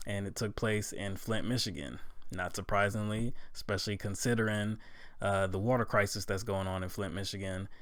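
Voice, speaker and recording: A man with a fairly low voice talks through political commentary in a casual, filler-heavy way. He climbs into loud disbelief when he gets worked up. The sound is dry and close, with no room around it. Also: no echo. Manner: conversational with many fillers, gets loud and incredulous.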